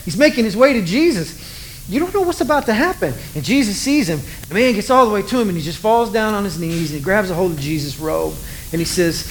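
A man preaches in a relaxed, conversational way, shifting up and down as he tells the story. He keeps checking in with the audience through quick asides. A faint steady hiss runs underneath. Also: high-pitched, rough recording. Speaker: pastor. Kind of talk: sermon.

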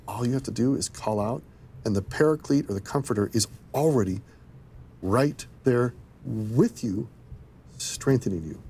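A man's voice: medium pitch, normal speed, vocal fry, dark tone, slight background noise. A man teaching scripture in an earnest, explanatory discussion.

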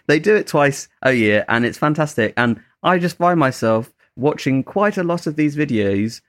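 A man's voice: a little high, animated, unhurried, a bit bright, no echo, clean studio sound. A man chatting casually as a podcast co-host, rambling a little and correcting himself as he goes. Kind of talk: casual chat.

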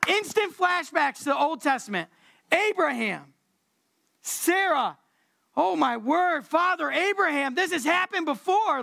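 A woman preacher giving a casual, conversational sermon, relaxed and slangy, repeating words for emphasis. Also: high-pitched, creaky.

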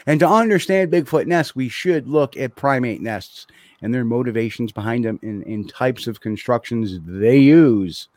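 A man's voice: medium pitch, animated, normal speed, darkish tone, dry recording. A man hosting a podcast, chatting casually with many restarts and fillers before reading out notes. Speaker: podcast host. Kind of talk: casual chat.

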